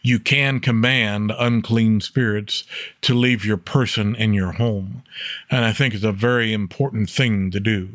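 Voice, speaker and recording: A man teaching an informal Bible study, reading scripture aloud and explaining it plainly, often checking in with a quick "okay?". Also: lowish voice, fairly even intonation, fairly bright tone, no echo, clean studio sound. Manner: plainspoken, repeats "okay?" to check listeners follow; reads scripture aloud with rising emphasis.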